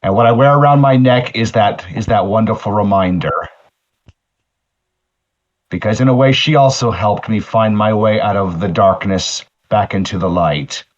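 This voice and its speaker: Male player, low earnest voice, halting in-character speech, dull lo-fi sound. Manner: earnest, halting, with many restarts. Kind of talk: in-character tabletop role-play.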